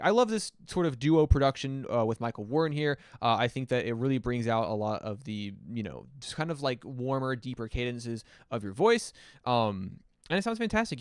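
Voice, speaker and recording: Male stream host, mid-pitched, smooth clean tone, dry close sound, profane rambling music reviewer. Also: no room sound. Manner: loose, rambling and profane, many fillers. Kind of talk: casual livestream commentary.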